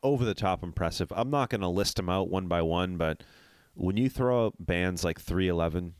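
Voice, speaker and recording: A man with a very deep, smooth voice, though stuffy and nasal from a cold, chats casually on a podcast. He talks with candid enthusiasm, recorded dry and close to the mic. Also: normal speed, no room sound. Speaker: podcast co-host. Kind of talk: casual chat.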